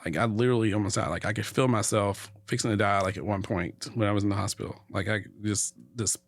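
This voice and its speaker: A man's voice: fairly low pitch, fast talker. A middle-aged man telling a long story in a casual conversation, acting out the voices of the people in it. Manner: animated storyteller, acts out quotes. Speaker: podcast guest.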